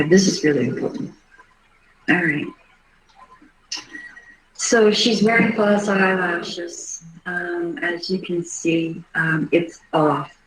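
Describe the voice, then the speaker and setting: Middle-aged woman, livestream host, unhurried halting delivery, earnest, echoey room. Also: lowish voice, a little hiss or hum. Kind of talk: live case commentary. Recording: roomy echo.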